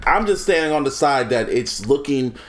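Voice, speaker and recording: A man's voice: medium pitch, lively intonation, normal speed. A man co-hosting a podcast, arguing his side emphatically and swearing freely in a casual debate. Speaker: podcast co-host. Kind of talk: casual debate among friends.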